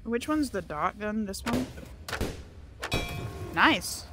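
A woman's voice: mid-range voice, big pitch swings, takes it slowly, noisy background. A woman commentating her own gameplay casually, swearing and getting flustered as she plays. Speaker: gaming channel host. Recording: game music behind voice. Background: game music.

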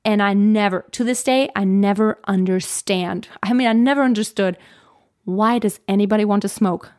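A woman's voice: mid-range voice, moderate pace, a little mellow. A woman vocal coach giving a casual teaching talk, chatty and laughing often as she restarts her sentences.

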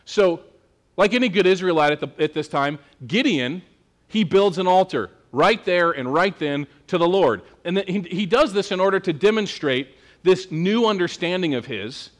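A man's voice: high voice, animated, normal speed. A male pastor preaching a sermon in a casual, joking, conversational manner.

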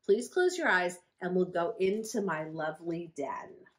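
A woman's voice: lowish voice, big pitch swings, a little slow. A woman voicing a big toothy female wolf in a picture book, gushing and sweetly coaxing.

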